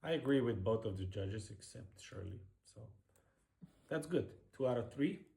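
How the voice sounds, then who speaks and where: A man's voice: medium pitch, expressive, moderate pace, gravelly, dark tone. A middle-aged man, a professional ballroom dancer, giving blunt, sarcastic casual commentary while reacting to a dance show.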